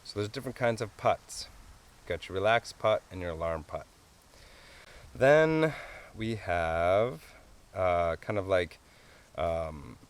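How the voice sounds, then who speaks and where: A man with a fairly low voice walks listeners through a hands-on calling tutorial. His explanations are relaxed and homespun, and small chuckles break in often. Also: clean tone. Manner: easygoing, chuckles often, plain folksy explanations. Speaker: wildlife calling instructor.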